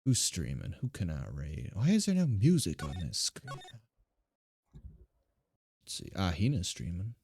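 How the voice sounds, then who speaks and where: Deep-voiced man rambling playfully. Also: huge pitch swings, measured pace, vocal fry, pauses often, darkish tone, a little hiss or hum. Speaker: streamer. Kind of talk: casual chat while live-streaming a game.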